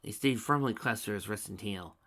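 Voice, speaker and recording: Man reading fan fiction, low voice, bright and forceful, sarcastic asides. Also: a little fast. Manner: exasperated asides. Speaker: fanfiction reader. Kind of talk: dramatic reading with sarcastic commentary.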